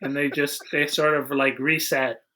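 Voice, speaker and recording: A man's voice: a little high, flat delivery, moderate pace, bright, forceful tone, slight background noise. A man hosting a casual movie-review chat, recapping the plot with dry, wry humor. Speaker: podcast host.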